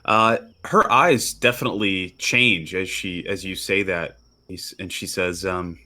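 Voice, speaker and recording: A man narrating as game master for a tabletop game, relaxed and halting with frequent fillers. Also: deep voice.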